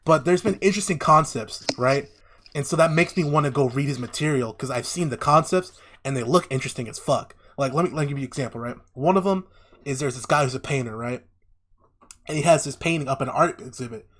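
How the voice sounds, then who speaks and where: A podcast co-host retells a story in casual chat, speaking fast at a medium pitch. He's an animated storyteller who acts out the characters' lines and swears heavily.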